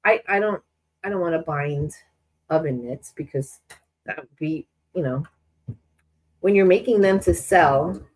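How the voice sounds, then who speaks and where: Woman, sewing-stream host: rambling, chatty, restarts a lot, a bit low, stuffy from a cold. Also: unhurried, pauses often, a little mellow, rough recording. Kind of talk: casual chat while sewing on a live stream.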